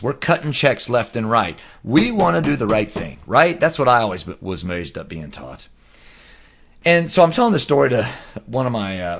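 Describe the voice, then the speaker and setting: Man, middle-aged, exasperated storyteller, lively pitch, muffled lo-fi podcast sound. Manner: animated, exasperated storytelling with voiced quotes. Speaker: podcast host. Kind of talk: casual storytelling monologue. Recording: dull lo-fi sound.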